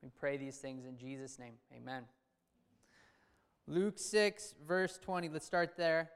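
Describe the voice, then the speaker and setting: A man's voice: a little high, level tone, a little slow, smooth. Casual preacher man in a reverberant hall. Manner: conversational, asks the audience questions, loose restarts. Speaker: pastor. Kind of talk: sermon with scripture reading.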